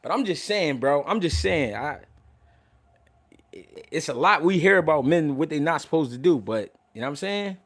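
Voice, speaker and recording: Loud, animated man talking casually. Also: on the high side, moderate pace. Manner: loud, animated, laughs often, swears freely. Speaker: boxing commentator and show host. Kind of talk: casual livestream talk.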